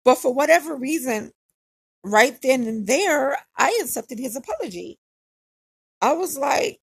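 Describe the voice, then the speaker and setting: A woman's voice: high-pitched, lively intonation, a little slow, vocal fry, husky, no room sound. A woman casually telling a personal story in a candid, conversational way, often repeating phrases for emphasis.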